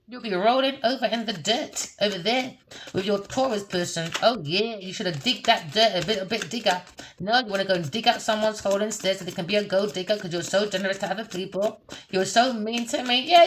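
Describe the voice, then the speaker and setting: Woman, tarot reader, casual, profane, mocking, laughs a lot, mutters low then bursts out loud and high. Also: moderate pace, a little hiss or hum.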